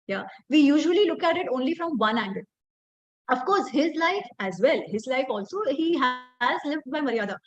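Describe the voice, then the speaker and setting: High-voiced expressive woman. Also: moderate pace, lo-fi sound. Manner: expressive, quotes Sanskrit verses. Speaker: speaker on the Ramayana. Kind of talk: impassioned talk.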